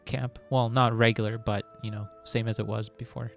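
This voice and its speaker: A man running a tabletop game as game master, narrating in a relaxed way with many fillers. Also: lowish voice, moderate pace, creaky, soft background music.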